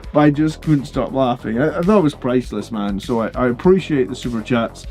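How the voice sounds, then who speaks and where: A man's voice: medium pitch, fairly quick, soft background music. Tired man rambling casually on stream. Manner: rambling, filler-heavy, relaxed. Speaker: hobby channel host. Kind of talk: casual livestream chat.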